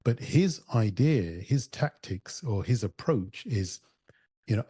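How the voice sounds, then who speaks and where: A man's voice: mid-range voice, animated, takes it slowly, warm tone, breathy edge, no echo. A man hosting a podcast interview, thoughtfully recounting what others told him and asking his guest questions. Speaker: podcast host.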